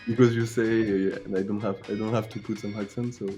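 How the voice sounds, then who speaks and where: Halting French-accented man, low voice. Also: flat delivery, warm tone, faint music behind. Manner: hesitant, halting English with restarts. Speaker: rugby player, quiz contestant. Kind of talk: casual chat.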